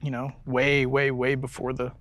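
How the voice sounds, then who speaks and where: A man co-hosts a ghost hunt, speaking calmly and directly to the spirits. His voice sits at a middling pitch, and he keeps a steady, conversational manner. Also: moderate pace, a little hiss or hum. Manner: calm, addresses spirits directly. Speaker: paranormal investigator co-host. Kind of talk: ghost-hunting chat.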